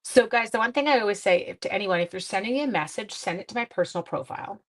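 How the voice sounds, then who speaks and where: Talking fast with an expressive, medium-pitched voice, a papercraft demonstrator runs a card-stamping livestream, answering viewers' comments as she goes. Her manner is chatty and self-deprecating.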